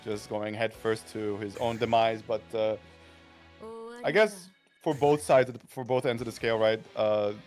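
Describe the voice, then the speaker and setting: A man's voice: lowish voice, normal speed, faint music behind. A young man giving live fighting game commentary, analytical and heavy on fillers, often asking "right?". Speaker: esports commentator.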